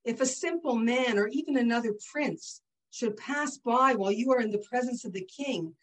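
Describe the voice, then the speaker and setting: A humble, devout traveler pleads his case in earnest, patient tones, as a woman storyteller puts him on. His voice sits a touch higher than her usual speech. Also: normal speed, distant mic, lightly acted, rough recording. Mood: reasoning. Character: humble God-fearing Jewish traveler, adult man.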